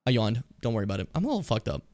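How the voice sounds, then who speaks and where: A man's voice: mid-range voice, darkish tone. A man streaming a game, chatting in a loose, rambling, self-deprecating way and swearing freely. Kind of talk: casual live-stream commentary.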